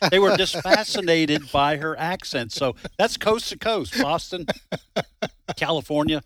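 A man co-hosting a talk radio show, telling stories and bantering on air in a lively way. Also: on the high side, unhurried, a little hiss or hum. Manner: lively anecdotal storyteller. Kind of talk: casual on-air banter and storytelling. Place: radio studio. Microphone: studio microphone.

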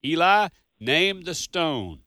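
A man's voice: fairly high pitch, sing-song, slow, sharp tone, no echo. A man co-hosting a casual radio trivia show on a studio microphone, chatty and jokey.

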